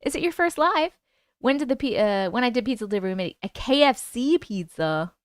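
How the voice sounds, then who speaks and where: A woman's voice: on the high side, expressive, fairly quick, clean tone, no echo, studio quality. A woman with a New York accent hosting a casual live stream, chatting and reading viewer comments aloud.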